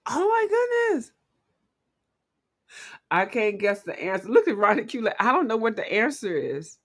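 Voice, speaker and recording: A woman hosting a casual livestream, chatting playfully with viewers and quick to laugh. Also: medium pitch, sing-song. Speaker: livestream host.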